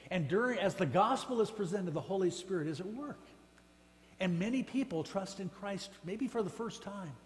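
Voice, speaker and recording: A man's voice: sits high, lively intonation, moderate pace. A man preaching a sermon as pastor, with emphatic, rising exclamations. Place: church sanctuary. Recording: church hall reverb with faint hum.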